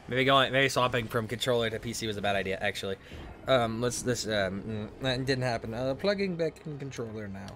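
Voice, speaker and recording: A man's voice: mid-range voice, a bit bright, a little hiss or hum. A young man commenting casually on his own gameplay, swearing and breaking into frustrated outbursts. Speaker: gaming streamer.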